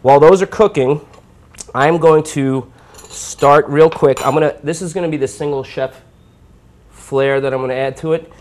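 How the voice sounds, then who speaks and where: A man's voice: fairly high pitch, normal speed, darkish tone. A man from New York hosting a live cooking show, chatting informally while he cooks. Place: home kitchen.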